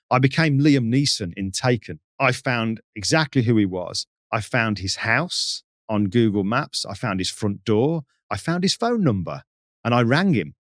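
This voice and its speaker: Man, podcast guest, animated storyteller, very lively pitch, dry close sound. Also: normal speed, dry recording. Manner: lively, acts out the people in his stories. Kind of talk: animated anecdote telling.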